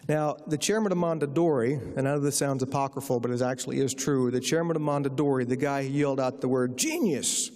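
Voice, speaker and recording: A man's voice: mid-range voice, fairly even intonation, fast talker, few pauses, warm tone. An American man giving a lecture as a guest author, telling humorous anecdotes in a wry, self-deprecating way. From United States. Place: lecture hall. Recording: reverberant lecture hall.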